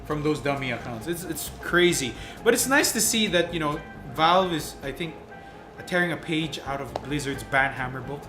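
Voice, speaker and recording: A man's voice: fairly high pitch, animated, normal speed. A man co-hosting a gaming podcast, rambling through news with restarts. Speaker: podcast co-host. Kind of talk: casual podcast chat. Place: shared room, four hosts on one mic. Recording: roomy room with music behind.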